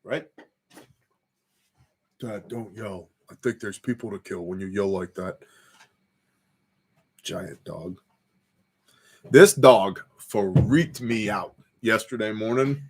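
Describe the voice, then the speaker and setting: Hosting a prepper livestream from his home porch, a man speaks slowly in a fairly low, breathy-edged voice, pausing often. In a laid-back way he reads viewer comments aloud and spins rambling stories with lots of fillers.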